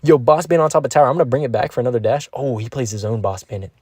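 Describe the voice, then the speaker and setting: A man's voice: mid-range voice, racing, darkish tone, slightly rough, no echo. A young man streaming a mobile game, chatting casually and upbeat with his viewers while he plays and reads their messages. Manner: laid-back, upbeat, slangy, talks to chat. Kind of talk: live-stream gameplay commentary and chat reading.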